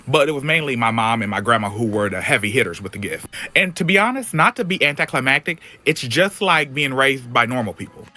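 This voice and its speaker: A man's voice: medium pitch, sharp tone. A man telling a spooky personal story in a sassy, profane, dramatic way. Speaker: storyteller in a clip. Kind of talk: animated story time.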